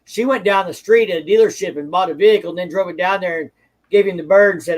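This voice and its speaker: A man's voice: high-pitched, fast talker, rough recording. A man from the Ozarks, a motorcycle vlogger, chatting casually in a folksy, rambling way. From Ozarks, United States. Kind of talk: casual chat.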